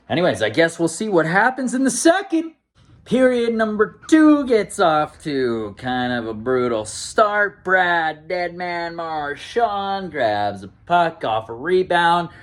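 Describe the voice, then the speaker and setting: A man hosting a casual hockey game recap as an excitable, often exasperated fan. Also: sits high, unhurried.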